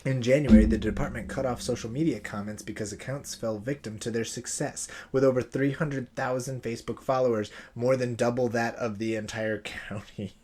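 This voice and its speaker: A man co-hosts a relaxed podcast and reads offbeat news stories aloud in an animated way. He laughs easily, and he stumbles into restarts when a story leaves him lost for words. His voice sits at an ordinary middle pitch. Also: normal speed, few pauses, crowd noise. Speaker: podcast co-host, pastor. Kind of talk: casual chat, reading news stories aloud.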